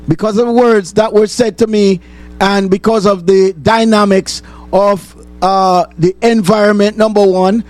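A man's voice: high-pitched, a little mellow. A man hosting a call-in talk show, rambling and repeating himself for emphasis.

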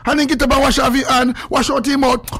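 Gravelly Jamaican man ranting on radio. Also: little pitch movement, fast talker, slight background noise. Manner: swings between loud preachy shouting and low mumbled asides. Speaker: radio show host. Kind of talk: animated call-in radio rant.

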